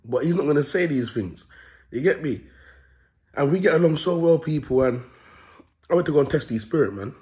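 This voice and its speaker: Animated man, street-talk monologue. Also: fairly high pitch, a little fast, pauses often. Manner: streetwise slang, animated, often asks "you get me". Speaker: self-styled prophet vlogger. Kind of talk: casual storytelling monologue.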